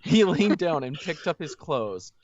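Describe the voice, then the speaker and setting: A man's voice: a little high, very animated, a little slow, slight background noise. A man reading a story aloud as co-host of a comedic read-along, breaking off into joking asides. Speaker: reader and co-host. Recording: dull lo-fi audio.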